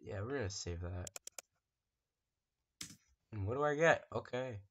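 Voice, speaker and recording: A gamer giving excitable, casual commentary while playing, talking to viewers and breaking into sudden screams. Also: mid-range voice, measured pace, highs cut off, slight background noise. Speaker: let's play gamer.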